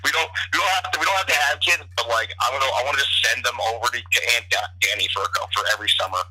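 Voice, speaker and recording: Calling in as a podcast guest, a young bartender rambles through casual, profane stories with many restarts. His medium-pitched voice races along, pushed and bright with a breathy edge, all coming through a tinny phone line.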